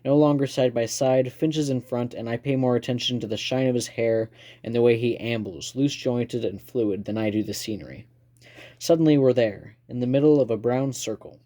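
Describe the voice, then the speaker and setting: Guy reading a novel out loud, calm and steady, kinda warm mellow voice. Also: medium pitch. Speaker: reader. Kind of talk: first-person novel read aloud.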